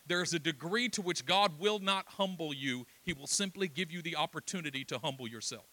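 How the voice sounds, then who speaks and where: A man's voice: fairly high pitch, brisk, hardly any pauses, sharp tone, dry recording. A middle-aged man preaching a sermon with passion, telling stories and acting out dialogue. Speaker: pastor.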